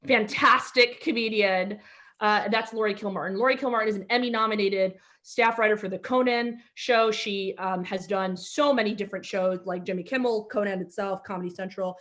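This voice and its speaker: Here the Egyptian-born host of an online comedy show talks at a normal speed, her mid-range voice carrying a fairly bright tone. Between acts on the video call, she spins rambling stand-up tales, often restarting and leaning on fillers.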